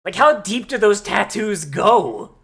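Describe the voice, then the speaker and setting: A man reacting to an anime episode as he watches, swearing freely and reacting in disbelief at what happens on screen. His voice is bright and forward, and he talks in a loose, casual way. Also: high voice, sing-song, slow pace, gravelly. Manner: profane, incredulous outbursts. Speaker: anime watch-along host.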